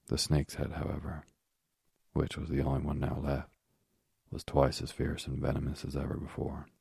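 Very deep gravelly male storyteller. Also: monotone, normal speed, dark tone, no room sound, clean studio sound. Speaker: narrator. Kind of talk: storybook reading aloud.

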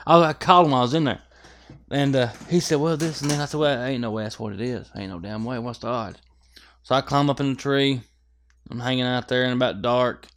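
A man's voice: medium pitch, steady tone, a little fast, fairly bright tone. A man with a drawl swaps stories on a podcast mic. His voice sits in an ordinary middle range. He tells things with lots of profanity and acts out every scene. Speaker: guest. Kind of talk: casual storytelling chat.

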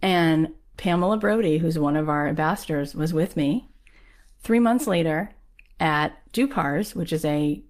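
A woman's voice: low voice, a little mellow. A woman telling a personal story in a casual, chatty way, full of "like" and acted-out quotes of other people. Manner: chatty, peppered with "like"; acts out the people she quotes. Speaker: guest sharing a personal story.

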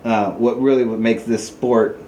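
A man telling paintball stories in a casual podcast chat, rambling with many fillers and jumping into high, animated voices when he quotes other people. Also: normal speed. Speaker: podcast guest, paintball player. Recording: echoey room with faint noise.

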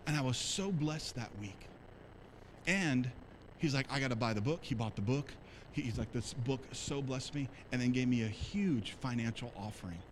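A man's voice: medium pitch, normal speed, a little hiss or hum, poor audio. Conversational male pastor preaching. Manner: animated, conversational, talks to congregation. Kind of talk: sermon with storytelling. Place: church sanctuary.

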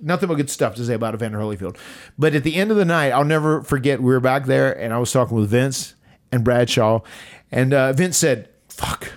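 Animated man telling a story. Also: a little fast. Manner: animated, acts out quotes with rising pitch. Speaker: podcast host. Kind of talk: casual storytelling.

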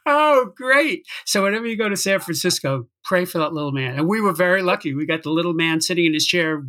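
A theater producer hosting a relaxed interview, telling anecdotes and asking about the writing of songs. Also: medium pitch, fast talker. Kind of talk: casual interview chat.

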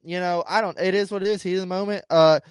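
A man co-hosting a podcast in casual chat, telling stories in a rambling, profane, animated way. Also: high voice, fast, clear, resonant tone, no room sound. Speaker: podcast co-host.

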